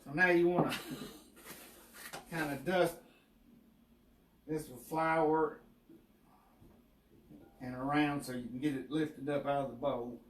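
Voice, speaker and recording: A man's voice: a little high, steady tone, slow pace, long pauses. Folksy Southern man in an echoey kitchen. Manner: folksy, easygoing, explains step by step. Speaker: home cook, co-host. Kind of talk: casual cooking demonstration. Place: home kitchen. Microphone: distant mic. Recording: echoey kitchen with far-off mic and faint hiss.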